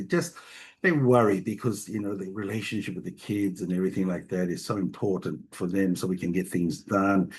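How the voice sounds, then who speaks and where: A man's voice: fairly low pitch, fairly even intonation, moderate pace, husky. A middle-aged man, a family doctor telling stories in an interview, joking and restarting his sentences often. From Tonga. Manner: warm, jokey storyteller with frequent restarts. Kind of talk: storytelling interview talk.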